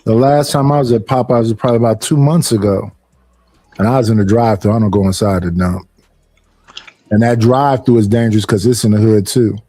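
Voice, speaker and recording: A man's voice: fairly low pitch, fairly even intonation, brisk, warm tone, no echo. A man in a casual chat who asks short questions and makes dry remarks.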